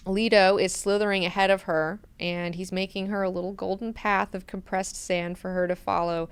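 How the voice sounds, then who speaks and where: A woman's voice: mid-range voice, normal speed, smooth. Chatty, profane woman recapping a book. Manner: animated, profane, chatty retelling. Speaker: book club host. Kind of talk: casual chapter recap.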